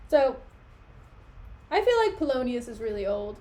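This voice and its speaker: A woman streamer reads a play aloud and chats in between, giggly and self-mocking. Her voice is fairly high and bright. She talks loosely, with fillers and asides. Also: big pitch swings, moderate pace, pauses often, rough recording. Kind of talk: casual reading stream with commentary.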